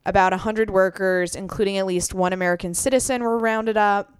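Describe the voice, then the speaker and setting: A woman's voice: mid-range voice, fairly even intonation, a little fast, clear, resonant tone, no echo. A woman co-hosting a podcast in casual chat, reading out news items and laughing often with her co-host.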